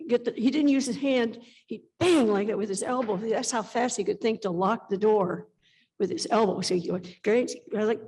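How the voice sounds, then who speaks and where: A woman's voice: mid-range voice, husky, low-quality recording. Give me a woman in her seventies recounting memories as an interview guest, acting out quotes. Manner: animated storytelling, acts out quoted speech. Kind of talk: conference stage interview.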